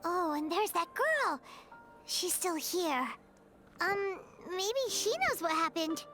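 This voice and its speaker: Paimon, a squeaky chirpy fairy. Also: female voice, slow pace, music in the background, full character voice. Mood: alarmed. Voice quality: high and squeaky. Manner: bubbly and excitable. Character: Paimon, tiny chirpy female fairy companion. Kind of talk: game voice acting.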